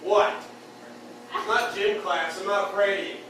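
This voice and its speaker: A man's voice: sits high, fairly even intonation, normal speed. A man doing a stand-up comedy set of crude one-liners in a beer hall, jabbing at the crowd. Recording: echoey room from far off, bar noise.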